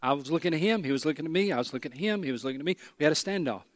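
A man preaching in a slightly high voice. He tells stories with a lot of animation, jokes at his own expense and hammers his points home by repeating them. The sound is close and dry. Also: rapid-fire, no room sound. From East Tennessee. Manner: animated storytelling, self-deprecating humor, emphatic repetition. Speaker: pastor. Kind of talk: sermon.

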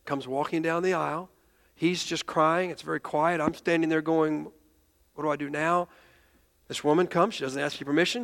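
High-voiced man preaching in a hall. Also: gravelly, fairly bright tone. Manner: earnest, retelling with quoted voices, stammering restarts. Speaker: pastor. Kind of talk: sermon storytelling.

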